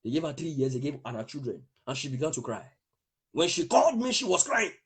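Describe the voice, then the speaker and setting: Fervent male preacher declaring prophecy, high voice with big swings in pitch. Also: sing-song, fairly quick, husky. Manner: fervent, declaring, with spells of speaking in tongues. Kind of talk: prophetic sermon with testimony.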